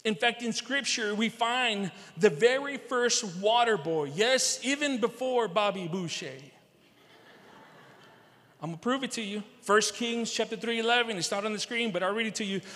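High-voiced male pastor in a reverberant hall. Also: moderate pace, fairly bright tone. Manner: repeats key phrases for emphasis, addresses the congregation directly. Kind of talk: sermon. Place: large church sanctuary.

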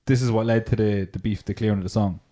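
A man's voice: lowish voice, steady tone, fast, dark tone. A young man in casual podcast chat, rambling with many fillers. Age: young adult. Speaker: podcast host.

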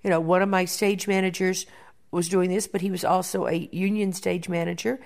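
A woman producer in an interview, telling backstage stories in a lively way and often repeating words as she thinks. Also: on the low side, moderate pace, gravelly. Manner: animated storyteller, repeats words while thinking. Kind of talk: interview conversation.

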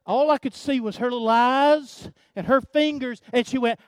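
An older man preaching a sermon, telling a family story in a folksy way, often repeating words and swinging from hushed to loud. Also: extremely high pitch, normal speed, hardly any pauses, clear, resonant tone, dry recording, studio quality. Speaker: pastor.

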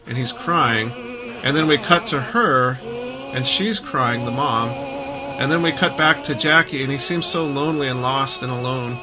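A man's voice: medium pitch, poor audio. A man hosting a casual film discussion, thoughtful and repeating words as he gathers his thoughts.

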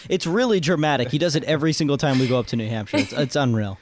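A man's voice: mid-range voice, very fast, slight background noise. Teasing man co-host. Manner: teasing, stammering starts. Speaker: podcast co-host. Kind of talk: casual chat.

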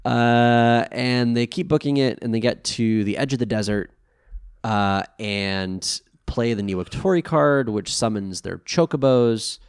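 A man's voice: medium pitch, a little slow, smooth, no room sound, studio quality. A man co-hosting a podcast, recapping an episode in casual chat, swearing and acting out quotes. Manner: animated, swearing, acts out quotes. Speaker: podcast co-host.

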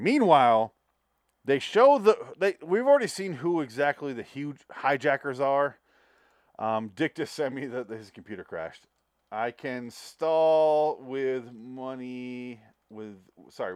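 A man's voice: medium pitch, smooth, no room sound, studio quality. A man hosting a podcast, chatting casually about movies with rambling, profane, jokey talk. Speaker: podcast host. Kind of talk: casual movie review chat.

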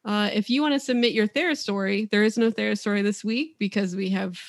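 A woman co-hosting a podcast, chatting casually and reading announcements, halting and laughing easily. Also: medium pitch, no echo, clean studio sound. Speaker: podcast co-host. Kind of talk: casual chat and show announcements.

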